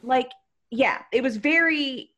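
A woman in her thirties, a guest storyteller on a podcast, chatting in animated bursts full of likes. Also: high-pitched, takes it slowly. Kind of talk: casual podcast chat.

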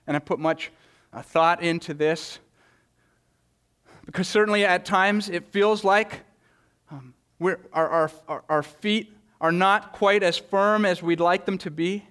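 A man preaching a sermon in an earnest way, often repeating words as he goes and reading scripture with dramatic swings of pitch and loudness. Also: unhurried, smooth. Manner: earnest preaching with frequent word repetitions. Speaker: pastor.

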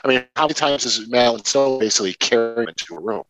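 A man's voice: medium pitch, fast talker, a bit bright, poor audio. A man co-hosting a movie podcast, talking casually and emphatically, with some swearing. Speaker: podcast co-host. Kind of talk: casual movie review chat.

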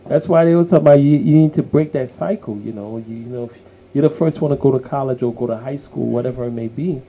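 A man's voice: mid-range voice, quick pace, narrow, tinny audio. A man co-hosting a casual podcast conversation, speaking in an earnest, motivational way and repeating words as he works toward his point. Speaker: co-host.

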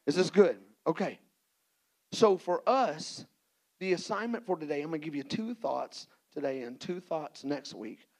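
A man preaching a sermon as pastor, animated and playful, acting out little scenes for the congregation. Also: fairly high pitch, moderate pace, creaky, rough recording.

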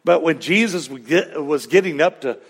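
A pastor preaching a sermon in a conversational way, with asides and questions to the congregation. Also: male voice, fairly high pitch, animated, normal speed, husky.

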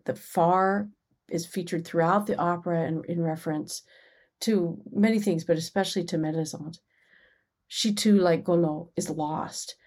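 A middle-aged woman, a music scholar, giving a measured, explanatory talk from a prepared script. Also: lowish voice, a little mellow. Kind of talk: scripted lecture podcast.

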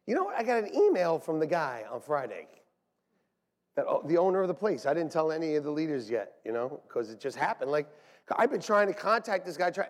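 A middle-aged man, a pastor, preaching a lively, joking sermon to his church. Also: on the high side. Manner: animated, joking, shouts and laughs between points. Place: church sanctuary. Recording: long hall reverb.

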